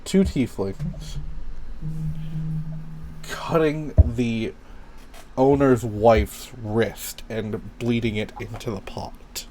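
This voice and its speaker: A man's voice: mid-range voice, fairly even intonation, very slow, long pauses, background noise. A man narrating a tabletop game as game master, casual, laughing and swearing freely.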